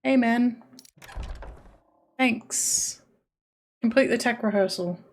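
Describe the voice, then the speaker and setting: A woman's voice: on the high side, slow. A woman streaming a horror game, muttering to herself, hesitant and swearing freely. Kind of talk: live gaming commentary.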